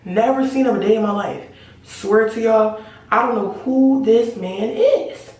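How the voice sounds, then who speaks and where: A woman tells a storytime straight to camera, loose and animated, full of slang and cussing. She talks from some distance away from the microphone, and the room around her rings with heavy echo. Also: on the high side, measured pace. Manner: animated, slangy and profane, addresses viewers as y'all. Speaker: storytime vlogger. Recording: very echoey room, voice away from mic.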